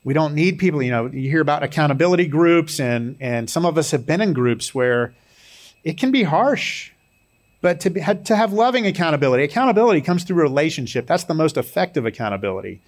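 A pastor with a fairly high, expressive voice and brisk pace preaches conversationally. His sermon blends scripture with personal stories and some light humor.

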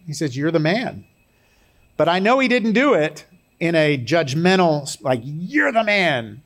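A man preaching a sermon in a conversational way, mixing scripture with personal stories and light humor. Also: mid-range voice. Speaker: pastor.

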